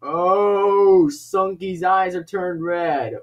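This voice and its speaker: High, lively young gamer guy. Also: slow. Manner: excitable, laughing, shouting reactions. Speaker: let's play gamer. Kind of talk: gameplay commentary. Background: game music.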